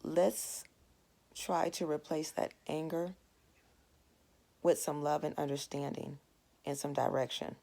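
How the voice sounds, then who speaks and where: Low, gravelly-voiced woman teaching a Bible lesson. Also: fairly even intonation, slow, pauses often, warm tone. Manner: earnest, storytelling with plain everyday asides. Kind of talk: conversational devotional lesson.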